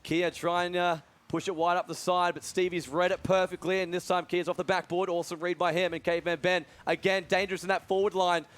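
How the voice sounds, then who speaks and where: A young man doing live esports commentary, energetic and full of fillers. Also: high voice. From Australia. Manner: fast, energetic, many fillers. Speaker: esports commentator and event organizer.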